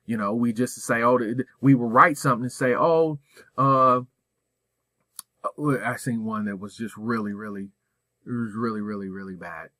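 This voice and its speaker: Male school administrator, bright forceful voice, dry close sound, blunt emphatic delivery for a staff training. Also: medium pitch, normal speed, no room sound. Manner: direct, emphatic, rhetorical questions. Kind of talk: professional development talk.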